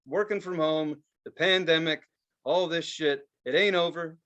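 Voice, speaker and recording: Profane, excitable man telling stories. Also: a little high, unhurried, highs cut off. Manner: profane, animated storytelling with voiced quotes. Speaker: podcast co-host. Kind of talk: casual chat.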